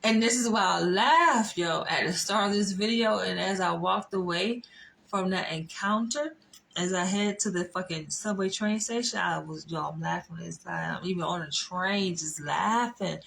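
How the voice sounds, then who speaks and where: A woman's voice: lowish voice, moderate pace, vocal fry, fairly bright tone, rough recording. A woman telling a story in a vlog, swearing often, laughing and stressing her words. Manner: profane, laughing, emphatic. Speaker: vlogger. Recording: faint background noise.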